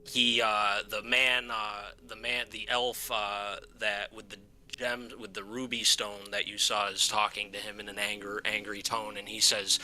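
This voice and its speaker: Low-voiced, forceful game master. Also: male voice, little pitch movement. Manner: halting, many fillers. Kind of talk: narrating a tabletop game.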